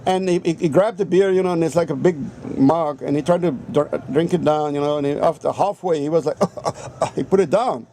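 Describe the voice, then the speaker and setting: A man's voice: fairly high pitch, a little fast, few pauses, mellow, a little hiss or hum. A man telling a rambling anecdote in a casual vlog, swearing constantly. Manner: rambling, profane, heavy swearing. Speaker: vlogger. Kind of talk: casual storytelling rant.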